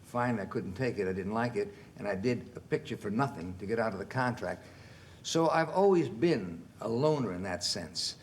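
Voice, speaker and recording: A man's voice: on the low side, moderate pace. Guy in his 60s spinning funny stories on a tv talk show, laughs a lot, slight background hiss. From United States. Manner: animated anecdotes, laughing through punchlines. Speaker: guest actor. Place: television studio.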